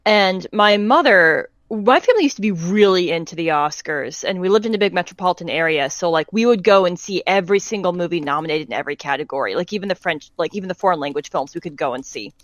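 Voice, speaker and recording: Woman podcast co-host, animated chatty storyteller, dry sound. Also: on the low side, fast, hardly any pauses, dry recording. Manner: animated storyteller, laughs mid-sentence. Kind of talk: casual chat.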